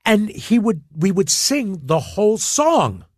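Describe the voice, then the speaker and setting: A man with a high voice talks slowly as an interview guest, animatedly acting out anecdotes in casual chat and frequently stammering before starting over. His voice is captured dry, with clean studio sound.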